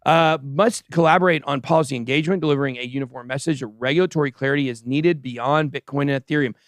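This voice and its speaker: A man hosting a casual livestream crypto show, giving animated and sarcastic commentary as he chats with a co-host and the live chat. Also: medium pitch, fast talker, dry recording, clean studio sound. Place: show studio stage.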